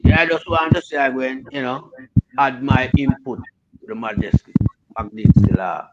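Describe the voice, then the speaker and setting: A Jamaican man chats casually in heavy patois during an online group audio chat. His voice is mid-pitched and comes through dull and lo-fi. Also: animated, moderate pace, very noisy.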